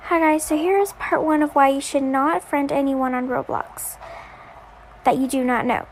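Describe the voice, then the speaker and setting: A woman's voice: high-pitched, normal speed, crowd noise. A young woman casually telling a personal story in parts, hesitant with many fillers.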